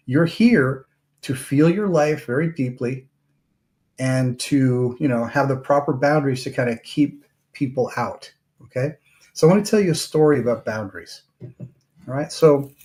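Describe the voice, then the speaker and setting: A man's voice: mid-range voice, a little mellow. A man who is a therapist hosting a show, talking casually and telling a story, with lots of "you know" and "right?". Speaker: host and therapist.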